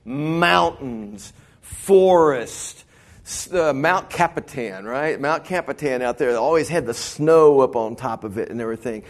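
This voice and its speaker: A man's voice: medium pitch, lively intonation, a little slow. A middle-aged man from the Texas Panhandle, a pastor preaching a sermon in a folksy storytelling way, now and then acting out other people's voices.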